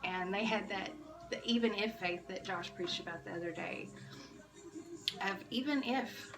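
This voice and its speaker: A woman's voice: mid-range voice, moderate pace, far from the mic, poor audio. A woman giving an earnest, emotional devotional talk to church kids, restarting her phrases often. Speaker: church kids' devotional speaker. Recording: music behind, voice a bit off-mic.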